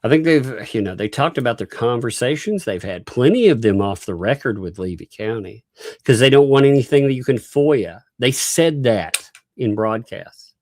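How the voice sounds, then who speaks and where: A man's voice: medium pitch, lively intonation, normal speed, darkish tone. A man with a Southern US accent hosting a casual livestream, laughing often and reading viewer messages aloud. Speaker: livestream host.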